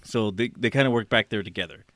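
A man's voice: fairly low pitch, fairly bright tone, no echo. A man in casual chat who laughs along easily and tells his own anecdotes. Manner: chatty, quick to laugh along.

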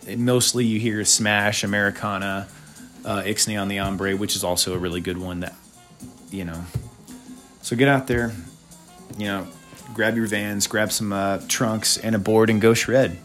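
A man's voice: on the low side, fairly even intonation, normal speed, fairly bright tone, soft background music. A man hosting a casual podcast, talking through albums in a laid-back, chatty way with lots of filler uhs and opinionated asides. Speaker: podcast host. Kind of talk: casual music review monologue.

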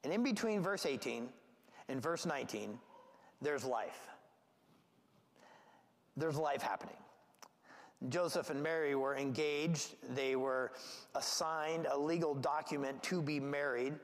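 A man preaching a sermon as pastor, talking in a conversational, animated way with asides and restarts. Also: fairly high pitch, unhurried, long pauses, in a large hall. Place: church gathering.

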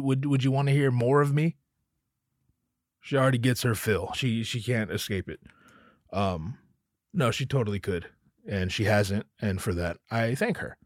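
A man's voice: lowish voice, dry recording, clean studio sound. A man in his thirties hosting a casual solo podcast, riffing and joking with lots of swearing and self-interruptions. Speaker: podcast host.

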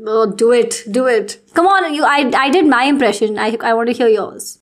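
A woman's voice: fairly high pitch, moderate pace. A woman co-hosting a podcast in casual chat, reflective and encouraging, with a playful teasing streak. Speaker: podcast co-host.

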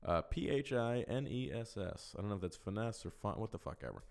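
This solo podcast host works through listener questions with a loose, wandering flow, speaking frankly and using profanity. His fairly low voice is creaky, very animated and brisk.

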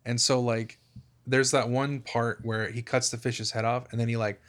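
Male film podcast co-host, mid-pitched, relaxed, profane humor. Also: moderate pace. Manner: laid-back, crude jokes. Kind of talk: casual film discussion.

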